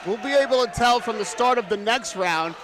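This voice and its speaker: A man's voice: high voice, fairly quick, a crowd in the background, noisy background. A man giving emphatic, analytical live commentary on a boxing match. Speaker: boxing pundit.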